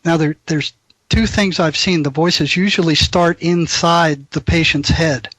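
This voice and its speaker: A man's voice: a little high, steady tone, unhurried, a bit bright, no room sound. Earnest male guest, dry sound. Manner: earnest explaining, repeats words as he goes. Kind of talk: casual conversation.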